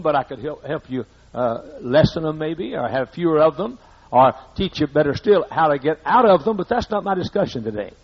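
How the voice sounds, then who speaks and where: A man's voice: fairly high pitch, husky. An older man with a Southern accent preaching a sermon as pastor, folksy and repetitive, hammering his points home. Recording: muffled lo-fi sermon recording.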